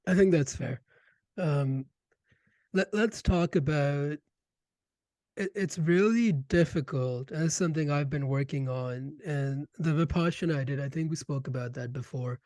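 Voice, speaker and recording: A man hosting an interview, asking questions in an eager, animated way. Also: on the high side, measured pace, dry recording. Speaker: podcast host. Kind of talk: conversational interview.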